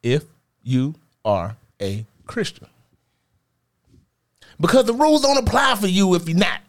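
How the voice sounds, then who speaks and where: A man with a fairly high, very lively voice, joking and teasing his co-hosts in a loose podcast chat. He laughs often and drags out his points on purpose. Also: a little slow. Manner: teasing, laughs a lot, withholds answers. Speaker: podcast co-host. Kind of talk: casual chat.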